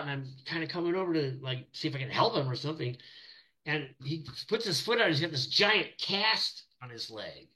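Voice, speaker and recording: A middle-aged man with a fairly high, bright voice tells stories in a casual interview. His pitch swings widely, and he rambles, trips over his words and restarts as he goes. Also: rough recording. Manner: rambling, animated storyteller with many restarts. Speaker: animator guest.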